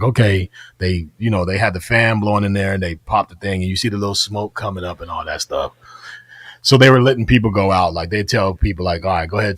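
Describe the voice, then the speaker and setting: A man's voice: sits low, dry recording, studio quality. A man co-hosting a veterans' podcast, telling a story in casual chat and acting out the voices in it. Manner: animated, acts out voices in his story.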